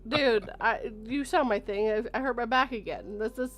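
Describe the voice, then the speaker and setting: A woman hosting a casual podcast chat, playful and quick to laugh. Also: fairly high pitch, a bit bright. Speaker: podcast host and story narrator.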